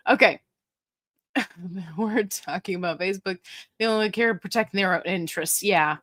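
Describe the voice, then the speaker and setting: A woman's voice: mid-range voice, moderate pace, fairly bright tone. A middle-aged woman hosting a casual livestream, chatty and jokey as she reads viewer comments aloud. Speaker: livestream host.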